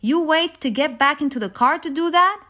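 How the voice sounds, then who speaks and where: A woman's voice: sits high, normal speed, pushed and bright, voice pushed up. A woman voicing a fussy, irritable father who grumbles his complaints.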